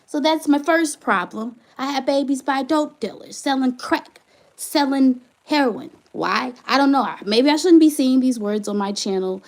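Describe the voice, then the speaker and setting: A woman's voice: high voice, normal speed. A woman hosting her own channel, venting with passion in a live stream, firing off repeated rhetorical questions and reading viewer comments aloud. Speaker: channel host, single mother. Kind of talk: emotional livestream venting.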